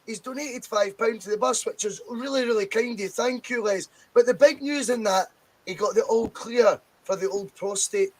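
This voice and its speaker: A man with a fairly high voice hosts a casual football podcast. He is chatty, swears freely, and reads quotes aloud in a relaxed way. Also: moderate pace, a little hiss or hum, low-quality recording. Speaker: podcast host.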